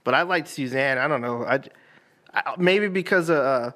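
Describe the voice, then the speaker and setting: A man's voice: medium pitch, normal speed, sharp tone. A man co-hosting a casual movie chat, talking loosely with plenty of swearing. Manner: loose and profane, acts out the characters' lines. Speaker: podcast co-host.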